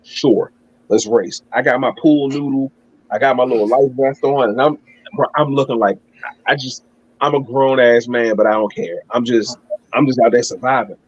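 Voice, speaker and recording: A man's voice: medium pitch, fairly even intonation, normal speed, breathy edge, no echo, muffled recording. A man telling a long, rambling story in casual chat, swearing and laughing at himself. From Maryland. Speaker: guest.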